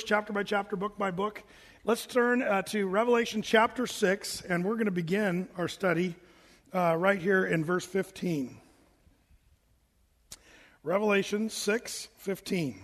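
A man teaching a Bible study in a conversational, animated sermon style, telling stories between readings of scripture. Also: sits high, measured pace, in a large hall. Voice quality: animated storyteller, lively and chatty.

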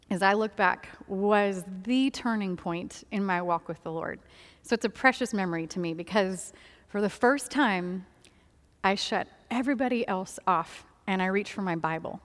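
A woman's voice: medium pitch, measured pace. Woman's earnest testimony in a reverberant hall. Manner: earnest and candid, often laughing softly, many fillers. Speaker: speaker sharing a personal testimony. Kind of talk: personal faith testimony.

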